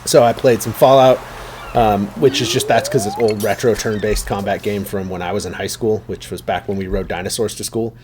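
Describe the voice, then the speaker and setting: A man's voice: lowish voice, fairly even intonation, fairly quick, a little mellow, slight background noise. A man chatting casually while streaming a game, rambling and talking to his viewers. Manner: rambling, chatty, many fillers and restarts.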